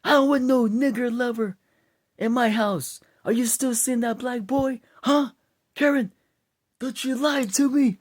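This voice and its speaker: A violent drunk father who yells his lines, loud and pushed high, put on by a man. He is hateful and threatening, and the whole voice sits raised in pitch. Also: steady tone, measured pace. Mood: raging. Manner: loud, yelling.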